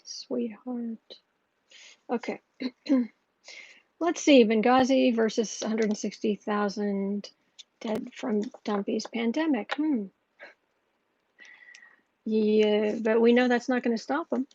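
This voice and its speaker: Gravelly lady tarot host rambling slow, lots of ums, kinda dull lo-fi sound. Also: fairly high pitch, warm tone. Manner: slow, musing, thinks aloud with many fillers and restarts. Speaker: tarot reader hosting a livestream. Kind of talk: casual livestream chat.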